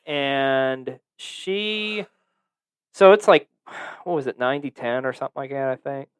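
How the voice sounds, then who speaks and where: A man's voice: mid-range voice, unhurried, clear, resonant tone. A man hosting a podcast, telling a story in a casual, profane, joking way. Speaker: podcast host.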